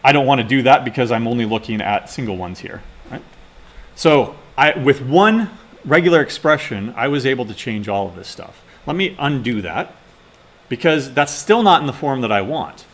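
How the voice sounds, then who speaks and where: A male instructor teaches a class through live coding, casually muttering to himself as he types. His voice is medium-pitched and animated, at a moderate pace.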